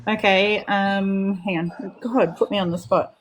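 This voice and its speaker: A woman's voice: mid-range voice, steady tone, measured pace, few pauses. A woman with an Australian accent, chatting casually and coaching friends through phrases on a livestream. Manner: laughs often, coaching others through phrases. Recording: livestream call audio.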